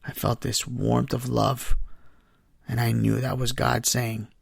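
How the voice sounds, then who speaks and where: A man's voice: medium pitch, level tone, slow pace, gravelly, breathy edge, no echo, clean studio sound. A man hosting a faith podcast, sharing a personal testimony in an earnest, heartfelt way. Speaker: podcast host.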